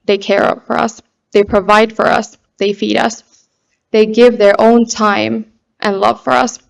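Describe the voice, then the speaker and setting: Woman, from Finland, pageant speech, slow, gravelly, heartfelt, rhetorical. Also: mid-range voice, poor audio. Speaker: pageant contestant. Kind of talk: prepared stage speech.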